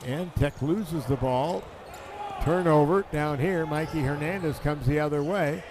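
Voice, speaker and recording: A man calling a live basketball game, his voice pitched a little high and rising sharply on made shots. He rattles off plays in quick bursts over clear background noise from the gym broadcast. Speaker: play-by-play announcer.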